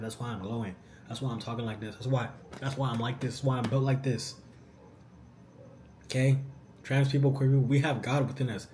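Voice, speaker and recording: A young man answering viewer questions in a casual vlog, animated and slangy. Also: medium pitch, slight background noise. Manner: animated, slangy, says "bro" often.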